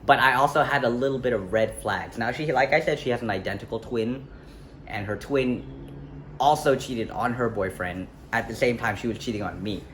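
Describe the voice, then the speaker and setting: A man's voice: medium pitch, normal speed, fairly bright tone. A young man telling a personal story in a casual vlog, rambling and correcting himself with lots of fillers. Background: faint street ambience, passing traffic.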